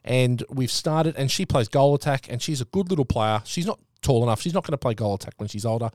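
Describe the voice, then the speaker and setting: A man's voice: mid-range voice, quick pace, no room sound, clean studio sound. A middle-aged Australian man co-hosting a podcast, telling a story in a casual chat and getting worked up as he goes. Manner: animated storytelling, voice jumps up when worked up. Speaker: podcast co-host.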